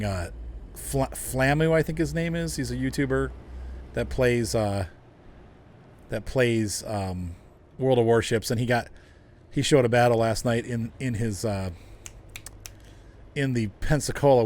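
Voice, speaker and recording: A man's voice: mid-range voice, darkish tone. A man casually chatting with viewers while driving in a truck game, rambling and laughing often. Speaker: game streamer.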